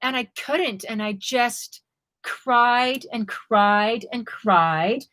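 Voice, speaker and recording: A woman's voice: on the high side, very slow, a bit bright. Woman telling a vivid travel story. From Canada. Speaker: co-host, motorcycle traveller. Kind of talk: live-streamed casual storytelling. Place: home during quarantine.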